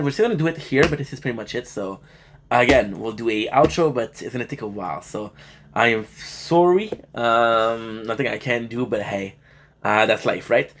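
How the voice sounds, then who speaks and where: A male gaming streamer talks loosely to his live chat, joking around between bits of game commentary. He sounds worn out and a little under the weather, with a voice that sits in a middling range. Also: mid-range voice. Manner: laid-back, joking banter with chat. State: tired and feeling a bit sick.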